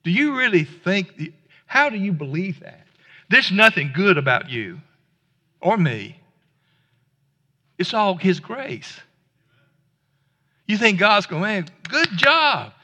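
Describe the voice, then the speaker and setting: A male pastor delivers a casual, down-home sermon, tripping over and restarting his words as he goes. His voice sits high and sounds bright and forceful. It rings out with the long reverb of a church hall. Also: big pitch swings, slow pace, long pauses. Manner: conversational, folksy preaching with stammered restarts. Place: church sanctuary.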